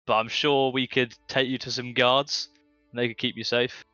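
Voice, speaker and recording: A player's voice, bright and forceful, excitable and prone to swearing. The recording is dry and a little dull, with faint music behind. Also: male voice, medium pitch, moderate pace, clear, resonant tone, no room sound. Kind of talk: playing a tabletop game.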